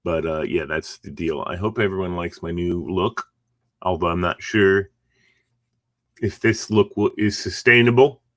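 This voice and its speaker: A man's voice: sits low, a little slow, no echo, studio quality. Sleepy, rambling man hosting a live stream. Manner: rambling, chatty, yawning, chuckling asides. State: sleepy, just woke up. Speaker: host of a morning encouragement livestream. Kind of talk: casual live-stream chat. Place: at home.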